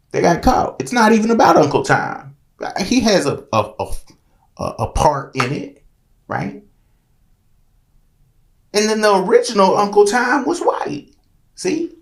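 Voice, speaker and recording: Emphatic man with a gravelly, lively voice. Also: high-pitched, measured pace, pauses often. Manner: emphatic, repetitive, preachy. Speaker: author and commentator. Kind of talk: impassioned monologue.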